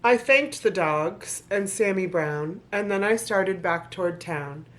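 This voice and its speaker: Here a vlogger with a medium-pitched, expressive voice, a bit bright and a little slow, reads a children's book in rhyme. She frequently pauses between lines for joking, sarcastic asides to her audience.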